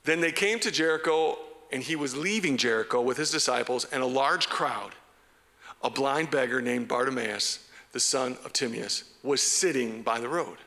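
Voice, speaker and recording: A man preaching a sermon as pastor, animated and conversational. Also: medium pitch, normal speed, long reverb tail. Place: church hall.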